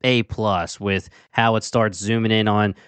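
Delco-accented man, smooth and low. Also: fairly even intonation, measured pace, fairly bright tone, no echo. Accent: Delaware County, Philadelphia area. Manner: enthusiastic, rambling with restarts. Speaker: podcast co-host. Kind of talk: casual chat.

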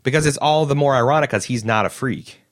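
A man's voice: quick pace, dry recording, clean studio sound. A man co-hosting a casual chat, joking and acting out quoted lines. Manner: jokey, acts out quoted lines with bursts of high pitch. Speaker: podcast co-host recapping a TV episode.

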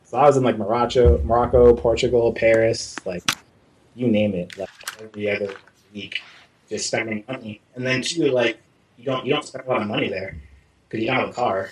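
A man's voice: mid-range voice, fairly quick, slight background noise. A young man chatting casually, telling a story about working abroad, acting out the dialogue and swearing freely. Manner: animated, swearing, acts out quoted dialogue. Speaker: artist recalling working abroad.

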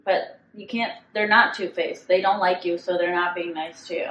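A woman's voice: on the low side, steady tone, fairly bright tone. Blunt young woman co-host, echoey room. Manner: blunt, quick reactions, reads out sign-off plugs. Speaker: podcast co-host. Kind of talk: casual chat, recapping a TV show. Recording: echoey room with faint noise.

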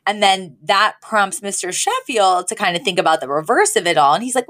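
A woman's voice: a little fast, hardly any pauses. A woman co-hosting a podcast, recapping a sitcom episode in casual chat and acting out the characters' lines. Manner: animated, acts out characters' lines with pitch jumps. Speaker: podcast co-host.

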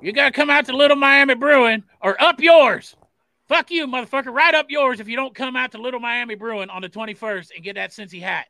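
A man putting on a Cincinnati accent to play a brash male football player, loudly plugging a fan event with cheers and curses. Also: steady tone, fast, gravelly, hardly any pauses, no room sound, exaggerated voice. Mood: mock angry. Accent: put-on Cincinnati. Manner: loud, swearing, pitchman cheer.

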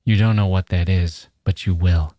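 A menacing young man speaks in a soft, coaxing drawl, as a man reads him, his voice very low. The sound is close and dry. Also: steady tone, moderate pace, no room sound.

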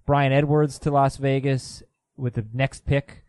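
A man's voice: medium pitch, little pitch movement, unhurried, darkish tone, smooth, no room sound. Matter-of-fact man on a dry mic. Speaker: fantasy football podcast co-host. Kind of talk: casual podcast discussion.

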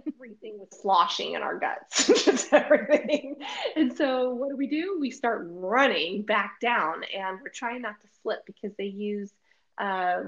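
A woman co-hosting a casual chat, telling a travel story with lots of laughter and acted-out quotes. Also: mid-range voice. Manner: animated, laughing often, acts out quotes. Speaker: podcast co-host. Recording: dull lo-fi audio.

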